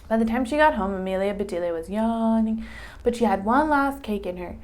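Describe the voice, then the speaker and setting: A woman teacher doing a read-aloud storytime, animated and chatting with a child. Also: on the high side, brisk, slight background noise. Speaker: English teacher.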